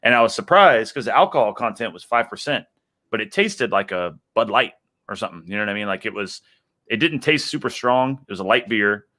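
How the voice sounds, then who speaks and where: A man in casual beer-drinking chat, a relaxed, joking storyteller. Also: fairly low pitch, a little fast. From United States. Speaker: guest YouTuber.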